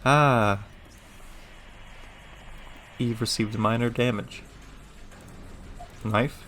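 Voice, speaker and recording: A man playing a game, reading its text aloud with deadpan, joking asides. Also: fairly low pitch, moderate pace, a little hiss or hum. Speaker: gamer.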